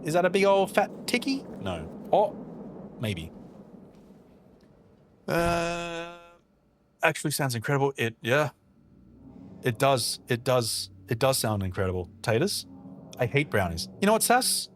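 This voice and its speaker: A man casually streams a game, reading and answering chat messages and playfully muttering to himself as he plays. His mid-range voice is very animated but a little slow, with frequent pauses and slight background noise.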